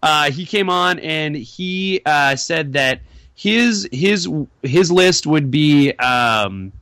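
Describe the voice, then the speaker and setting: A man's voice: fairly high pitch, animated, very slow, pushed and bright, no echo. A man hosting a casual podcast, rambling with many fillers and restarts. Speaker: podcast host.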